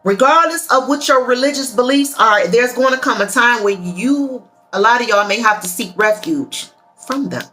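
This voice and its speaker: A woman with a bright, ringing voice and a fairly high pitch, speaking earnestly and emphatically about spiritual matters. She addresses her viewers directly in a casual monologue, with faint music playing under her. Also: moderate pace. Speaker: tarot and spiritual reader.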